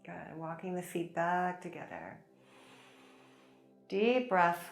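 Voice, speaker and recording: A woman teaching a chair yoga class, gently guiding breaths and movements with encouragement and light laughs. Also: on the low side, slow, pauses often. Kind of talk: guided yoga class instruction. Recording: echoey room with soft music. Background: soft background music.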